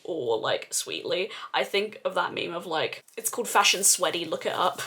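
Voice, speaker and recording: Gushing woman beauty vlogger, lively pitch. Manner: gushing, exclamatory, swears casually. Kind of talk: casual makeup review.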